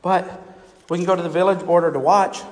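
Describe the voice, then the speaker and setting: A gentle mother donkey, patient and loving, as a man puts her on in a storybook. She speaks softly and calmly, her voice a touch lower and quieter than the narration. The sound rings out in a long hall reverb. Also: fairly quick, a little hiss or hum, natural voice. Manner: soft, calm, reassuring.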